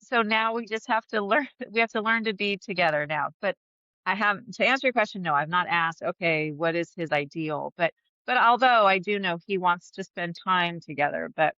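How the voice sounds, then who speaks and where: A woman's voice: lowish voice, moderate pace, pushed and bright, no echo, dull audio. A woman guest talking openly in an interview, chatty, laughing often and restarting her sentences. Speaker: podcast guest. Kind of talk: candid conversational interview.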